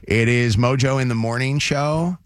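A man's voice: medium pitch, moderate pace, no echo, clean studio sound. A man hosting a morning radio show, teasing upcoming segments in casual chat. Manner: promo-style teasers, laughs often.

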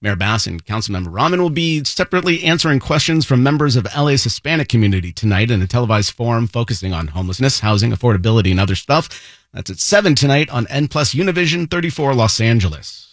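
A male news anchor reading radio headlines in a brisk, clipped manner. He talks fast, and the studio sound is dry. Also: medium pitch, lively intonation, no room sound. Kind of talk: radio newscast.

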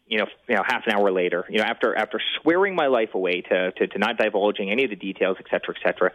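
A middle-aged man telling a story as an interview guest, talking quickly with many restarts and growing indignation. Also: lowish voice, expressive, fairly bright tone, rough recording. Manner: rapid, repetitive restarts, rising indignation. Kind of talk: fast animated storytelling.

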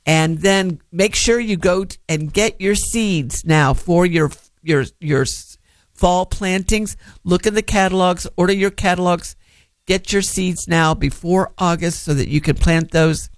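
A man hosts a gardening call-in show, rambling through tips in a chatty, friendly manner. His voice sits a little high for a man. The sound is dry and close, with no room around it. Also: unhurried, no room sound. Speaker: gardening radio show host. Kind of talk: casual radio gardening advice.

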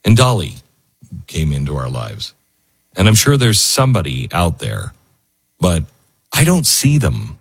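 A man's voice: low-pitched, huge pitch swings, a little slow, creaky, long pauses, husky. A man hosting a talk show, speaking in an earnest, heartfelt, wandering way. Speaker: radio show host. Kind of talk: emotional talk radio monologue.

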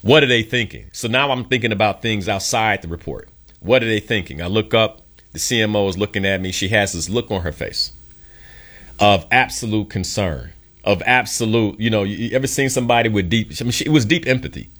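A man's voice: fairly low pitch, fairly quick, fairly bright tone. A young adult man hosting a show, telling a story from his career as an emphatic motivational monologue and acting out the voices of people in it. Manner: earnest, emphatic, acts out quotes in his story. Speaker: podcast host.

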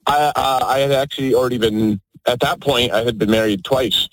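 A man calling in to a radio show, relaxed and upbeat. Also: medium pitch, fairly quick, dry recording, low-quality recording. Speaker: caller. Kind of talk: phone-in chat.

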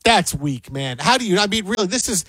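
A man with a high-pitched voice talks sports in a rambling, animated way. He keeps repeating himself as he rides each thought. The sound is dry and close to the mic. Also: brisk, slightly rough, dry recording. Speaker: sports radio host. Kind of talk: casual sports banter.

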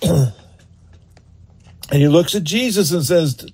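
A man preaching a sermon, telling the story in an animated, earnest way and urging listeners to act on it. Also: a little high, measured pace, pauses often, husky. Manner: animated storyteller, acts out scenes; earnest, exhorting.

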